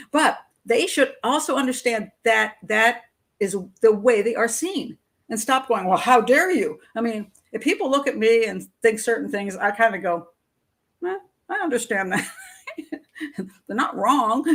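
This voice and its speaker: A woman's voice: on the high side, moderate pace, vocal fry. A middle-aged woman hosting a live stream, talking bluntly in a conversational way, reading out chat comments and laughing often. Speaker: host.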